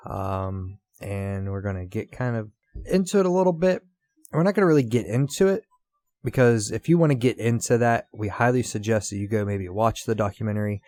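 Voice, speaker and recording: A man's voice: on the low side, animated, a little fast, warm tone, dry recording. A man co-hosting a casual podcast, talking loosely with many fillers and a slight Southern twang. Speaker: podcast co-host.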